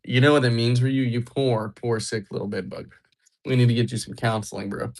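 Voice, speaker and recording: This young man from Georgia, USA chats casually on a live stream, joking with viewers in an easygoing manner. His medium-pitched voice has fairly even intonation at a moderate pace.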